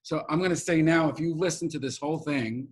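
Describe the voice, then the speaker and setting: A middle-aged man with a New York accent, telling a heartfelt story as an interview guest, emotional and animated, acting out the people he quotes. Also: a little high, fairly quick.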